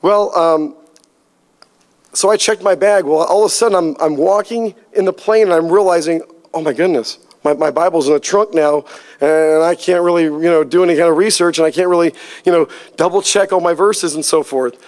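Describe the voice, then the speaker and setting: Man, pastor, sermon, high-pitched, animated storytelling. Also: normal speed. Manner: storytelling, animated, acts out quoted dialogue.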